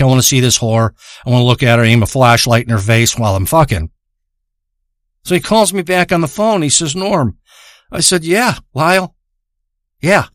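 A man telling a long absurd comic story in a deadpan, drawling way, acting out both sides of a phone call. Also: on the high side, no room sound, clean studio sound.

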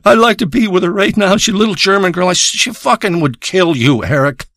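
Crude ranting comic, male, high bright tense voice, dry close sound. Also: fairly quick, dry recording. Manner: ranting, paranoid and crude, rambling. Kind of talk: profane comedic rant monologue.

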